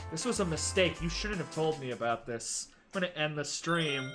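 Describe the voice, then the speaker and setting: A woman streamer commentates casually while she plays, breaking into excited exclamations and mild swearing. Game music plays clearly behind her voice. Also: deep voice, normal speed, hardly any pauses.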